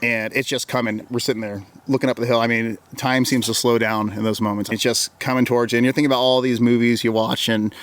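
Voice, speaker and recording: A man's voice: medium pitch, level tone, fast, hardly any pauses. A man from Oregon, a wilderness guide, casually telling a long story in an interview, often repeating himself and quoting his own words. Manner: rambling, repeats words, quotes himself with "I'm like". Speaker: interview guest recounting an encounter.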